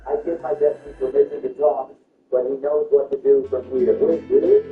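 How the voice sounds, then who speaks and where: A man trash-talking playfully while gaming, taunting the others and jumping between high and low voices, heard with some distance and dull sound over music. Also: flat delivery, a little fast, echoey room. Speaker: gamer.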